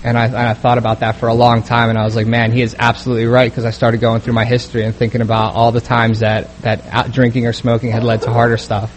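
A young man telling his recovery story as a personal testimony, halting with many fillers and restarts. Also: mid-range voice, completely flat delivery. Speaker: speaker sharing a recovery story.

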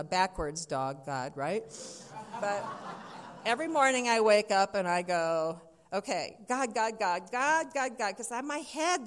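A woman from Wisconsin sharing her personal story with a group, candid and laughing at herself. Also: medium pitch. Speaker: speaker sharing at a recovery meeting.

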